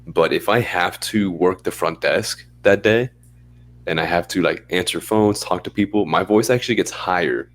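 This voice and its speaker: A young man co-hosting a podcast in casual chat, relaxed and rambling, often laughing as he talks. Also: sits low, moderate pace. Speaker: podcast co-host.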